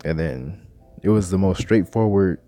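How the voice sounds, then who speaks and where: A man's voice: sits low, animated, normal speed, mellow, soft background music. A man casually telling a spiritual testimony in loose, slangy talk, ending nearly every phrase with "man.". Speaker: scripture teacher.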